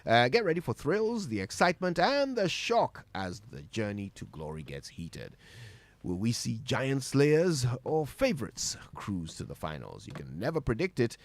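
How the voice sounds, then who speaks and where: A man with a Ghanaian English accent, a radio co-host, reading a hyped football promo with lively banter. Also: medium pitch, normal speed, no room sound. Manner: animated, laughing.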